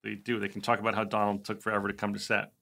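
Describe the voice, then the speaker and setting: A man co-hosting a podcast in casual chat, telling animated stories and putting on voices for quotes. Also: on the low side, very fast, vocal fry. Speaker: podcast co-host.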